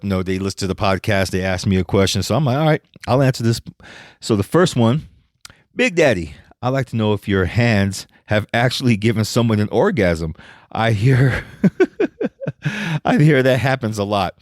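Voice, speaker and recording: A man's voice: lowish voice, no room sound, clean studio sound. Blunt, profane male podcast host. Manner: blunt, profane, laughs often. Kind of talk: casual podcast monologue.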